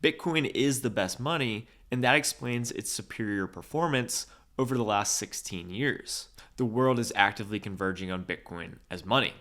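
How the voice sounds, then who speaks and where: Low-voiced man reading a scripted explainer. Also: moderate pace, few pauses, a bit bright.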